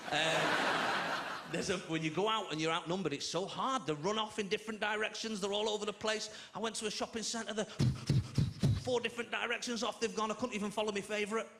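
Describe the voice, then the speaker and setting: A man's voice: sits high, fairly even intonation, a little fast. Self-mocking male stand-up comic. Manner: chatty, self-mocking, acts out voices. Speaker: stand-up comedian. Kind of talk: stand-up comedy routine. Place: large theatre stage. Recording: echoey theatre, loud audience.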